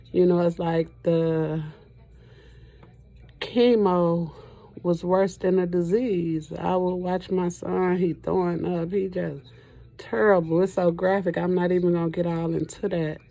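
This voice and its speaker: A middle-aged woman talking to camera in a halting, emotional way, often pausing with "you know", as she speaks about her loss. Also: lowish voice, fairly even intonation, creaky, warm tone. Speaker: trucking vlogger and grieving mother. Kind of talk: personal testimony to camera.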